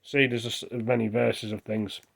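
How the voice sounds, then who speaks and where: His voice is medium-pitched, creaky and a bit bright, with little pitch movement and a measured pace. This English vlogger rambles in a casual monologue to his phone camera, jumping between topics.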